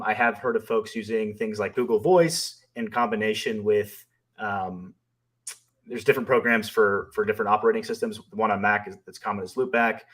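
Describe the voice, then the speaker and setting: A man co-hosting a live stream, reading viewer questions aloud and answering them in a thoughtful, hesitant way with many fillers. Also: fairly low pitch. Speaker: co-host and company founder.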